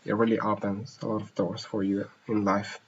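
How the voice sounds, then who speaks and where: A husky, lowish male voice with a level tone and moderate pace belongs to a language teacher on a casual live Q&A stream. He reads questions from viewers aloud and hops between languages within a sentence, captured in slightly dull lo-fi audio.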